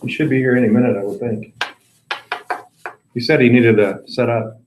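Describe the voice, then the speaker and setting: A man's voice: medium pitch, fairly even intonation, moderate pace, a little mellow, a little hiss or hum, poor audio. A man chatting easily and asking curious questions while hosting a user group meeting. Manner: easygoing, curious. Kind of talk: casual meeting chat.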